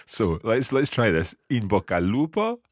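Deep-voiced man hosting a language lesson. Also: huge pitch swings, moderate pace, no echo, clean studio sound. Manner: upbeat, explanatory. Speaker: language teacher and podcast host.

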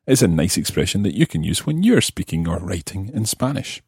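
Man podcast teacher, deep and husky, patient and methodical with his examples. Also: big pitch swings, darkish tone, no echo, clean studio sound. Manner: slow, careful explanations, repeating example phrases. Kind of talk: explaining Spanish grammar.

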